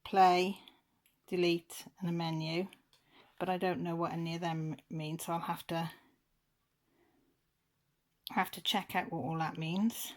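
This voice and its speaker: A woman's voice: fairly low pitch, level tone, a little slow, pauses often. A woman vlogger, chatting casually while unboxing, gushing and near tears.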